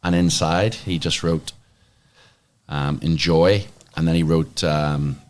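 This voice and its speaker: A man's voice: a bass voice, little pitch movement, slow. A man, a former swimmer, telling stories chattily as a podcast guest. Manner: chatty storyteller, many fillers. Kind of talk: casual interview chat.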